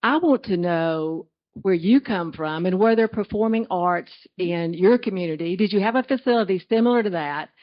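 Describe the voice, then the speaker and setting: A woman's voice: lowish voice, animated, moderate pace. Older woman asking from the audience, lo-fi. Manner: gracious, chatty. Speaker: audience member asking a question. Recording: dull lo-fi audio.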